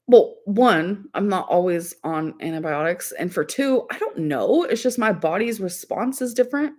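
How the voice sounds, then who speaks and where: A woman's voice: mid-range voice, animated, moderate pace, hardly any pauses, a little mellow. Chatty, giggly young woman streamer. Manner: chatty, rambling, giggly, lots of "like" and "um". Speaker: livestreamer. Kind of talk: casual livestream chat.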